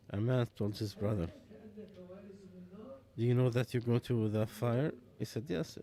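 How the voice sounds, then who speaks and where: Slow, halting man giving Quran commentary. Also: medium pitch, dark tone. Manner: slow, halting, with pauses and restarts. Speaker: Quran interpreter. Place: mosque.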